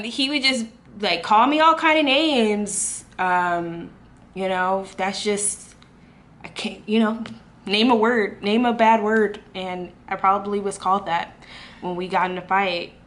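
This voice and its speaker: A woman's voice: medium pitch, a bit bright, a little hiss or hum. A young woman vlogger telling a personal story in casual chat, candid and rambling, with many fillers and restarts.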